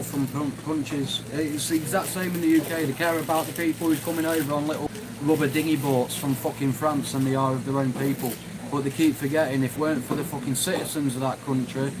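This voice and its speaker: A man's voice: mid-range voice, background noise. A man hosting a live stream, ranting angrily and swearing heavily as he reads and answers chat. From United Kingdom. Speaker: livestream host.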